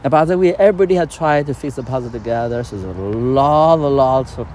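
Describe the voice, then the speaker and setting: A man teaching spiritual ideas in casual conversation, animated and laughing often, with non-native grammar. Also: mid-range voice, fast, slight background noise. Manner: animated, acts out quoted voices, laughs often.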